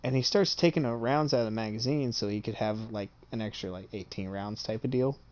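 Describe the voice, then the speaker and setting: A man with a somewhat low voice tells a story in a loose, chatty way. He swears freely and sounds pleased with himself. He keeps checking in with his listener as he goes. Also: fairly quick, a little mellow. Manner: boastful and amused. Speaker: streamer. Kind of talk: casual storytelling.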